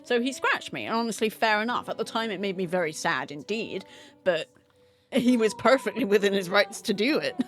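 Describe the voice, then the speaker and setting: Woman, livestream chat, animated up-and-down voice, casual swearing, faint music behind. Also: medium pitch, brisk. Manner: chatty and candid, greets chat by name, swears casually. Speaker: streamer. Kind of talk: casual livestream chat while setting up a game.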